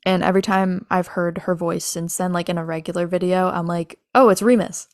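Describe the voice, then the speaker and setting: A woman's voice: on the low side, completely flat delivery, a little fast, darkish tone, no echo, clean studio sound. A young woman co-hosting a podcast, chatting casually and gushing like a fan. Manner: giggly, gushing fan talk. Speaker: podcast co-host. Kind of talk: casual chat.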